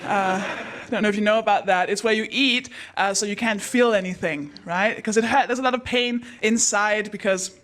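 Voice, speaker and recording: A woman hosting a live comedy night on stage, telling self-deprecating stories in a deadpan way. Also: medium pitch, normal speed, few pauses. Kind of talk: stand-up comedy.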